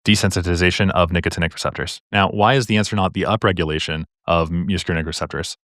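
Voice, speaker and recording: Fast-talking low-voiced male tutor. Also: fairly even intonation, fairly bright tone, dry recording, studio quality. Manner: quick, casual, joking asides. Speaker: medical exam tutor. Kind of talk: explaining exam questions.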